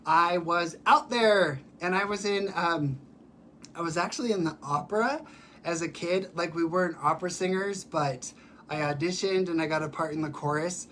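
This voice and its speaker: A man who performs in drag, chatting casually on a live stream while sick, with a raspy voice and many fillers. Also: on the high side, normal speed, a bit bright, a little hiss or hum. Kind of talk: casual livestream chat. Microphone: phone or webcam for a live stream.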